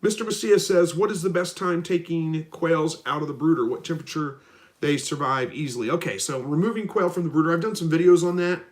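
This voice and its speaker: A man's voice: a little high, a little fast. Stuffy-nosed man, live-stream host, easygoing and rambling. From Southwest Missouri. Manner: easygoing, rambling, chuckles often. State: stuffy nose. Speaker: livestream host. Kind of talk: casual live chat answering viewers.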